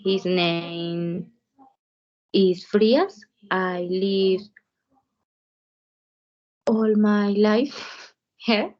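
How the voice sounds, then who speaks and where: A woman's voice: mid-range voice, fairly even intonation, a little mellow, highs cut off. A woman, a Spanish-speaking student introducing herself hesitantly in English. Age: 20s. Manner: hesitant, pausing.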